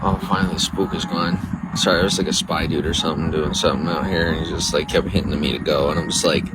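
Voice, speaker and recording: A man's voice: very deep voice, fairly even intonation, quick pace, very noisy. A man casually chatting to viewers on a livestream outdoors, rambling and reading out chat messages. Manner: rambling, talks to viewers, reads chat aloud. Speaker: livestream host. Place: outdoors near a coffee shop.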